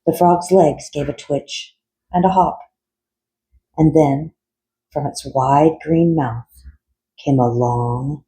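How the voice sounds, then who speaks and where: A man reading a children's picture book aloud in a measured, expressive way. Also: a little high, poor audio. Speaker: storyteller.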